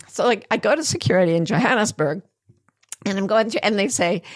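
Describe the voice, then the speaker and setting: A woman's voice: mid-range voice, brisk. Older lady host, chatty storyteller, keeps laughing and doing other people's voices. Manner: animated, laughs often, acts out other people's lines. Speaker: podcast host. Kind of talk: storytelling in casual chat.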